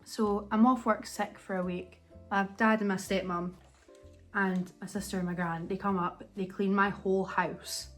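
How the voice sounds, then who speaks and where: A woman's voice: mid-range voice, fairly even intonation, normal speed, faint music behind. A young woman chatting casually at home for her vlog, rambling and self-mocking as she laughs her way through a story. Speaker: vlogger.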